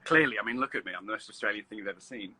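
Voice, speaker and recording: A man's voice: fairly low pitch, very fast, pushed and bright, breathy edge, poor audio. A man with an English accent joking in a casual live-stream chat at home. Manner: joking, playful.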